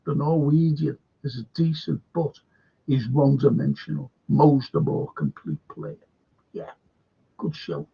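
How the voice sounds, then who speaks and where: Raspy older Liverpool man, rambling. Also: a little high, animated, a little slow, dark tone. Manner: rambling anecdotes, sweary. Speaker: podcast host. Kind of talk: casual chat. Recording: dull lo-fi recording.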